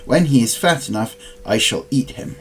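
A man's voice: medium pitch, lively intonation, moderate pace, a little hiss or hum, natural voice. A man reading a storybook aloud and voicing a scolding, wicked old female witch. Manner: scolding, impatient.

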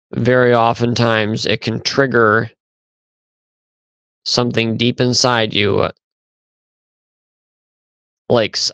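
Man rambling through stories on his podcast, smooth voice, dry dull sound. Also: mid-range voice, fairly bright tone, dry recording. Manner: conversational, rambling, with fillers and restarts. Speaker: podcast host. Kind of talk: casual storytelling monologue.

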